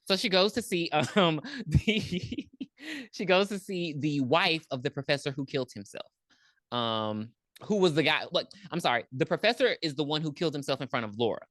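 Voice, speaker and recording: A low-pitched woman recaps a movie for her co-host in loose, casual podcast chat. Her pitch swings widely as she acts out the characters' lines and swears freely. The recording sounds dry and close. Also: animated, moderate pace, fairly bright tone, no echo.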